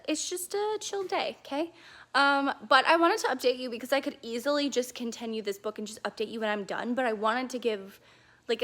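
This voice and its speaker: A woman's voice: on the high side, fairly bright tone. A woman chatting casually in a reading vlog, rambling and gushing with lots of fillers and restarts, filmed on a handheld camera from her couch at home. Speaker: book vlogger. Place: living room couch at home.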